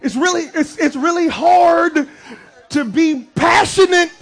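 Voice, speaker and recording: A male pastor, preaching a lively, joking sermon to his congregation with shouted bursts. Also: very high voice, a little slow, vocal fry. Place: church sanctuary.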